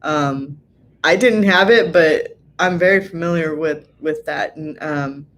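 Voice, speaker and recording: A woman's voice: low-pitched, unhurried, a bit bright. Chatty woman hosting a casual live stream. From Southern California. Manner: chatty and friendly, laughs often, many ums. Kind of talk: casual live-stream chat, reading out viewer comments.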